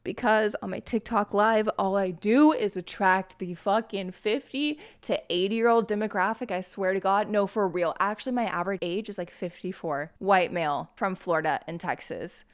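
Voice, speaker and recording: A woman's voice: mid-range voice, normal speed, hardly any pauses, smooth. A young adult woman hosting a solo podcast, rambling and swearing freely while mocking herself. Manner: rambling, profane, self-mocking. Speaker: podcast host. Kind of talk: casual solo podcast monologue.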